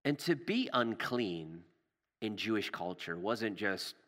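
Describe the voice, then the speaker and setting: A man preaching a sermon with passion, repeating words and dropping to a hush for emphasis, recorded in a church. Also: fairly low pitch, very animated, takes it slowly. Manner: impassioned, repeats words, drops to hushed emphasis. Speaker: pastor. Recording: long reverb of a large hall.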